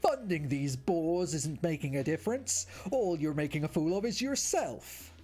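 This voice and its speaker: A streamer voicing a scornful, wealthy older man who talks down to his son, slow and haughty. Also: a little high, animated, warm tone, husky, soft background music, voice pushed up. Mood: mocking. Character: scornful rich old father, cold.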